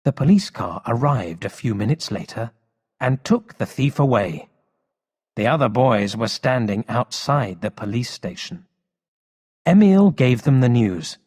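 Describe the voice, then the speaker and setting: A man slowly reading a story aloud for English learners, with expressive storybook delivery. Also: medium pitch. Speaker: story reader. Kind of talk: slow read-aloud narration for English learners. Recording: long hall reverb.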